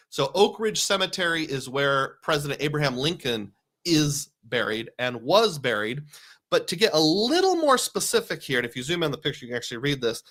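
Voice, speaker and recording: A man's voice: a little high, big pitch swings, a little fast, fairly bright tone. A middle-aged man from Iowa hosting a live stream, chatting casually and answering viewer questions in a rambling way.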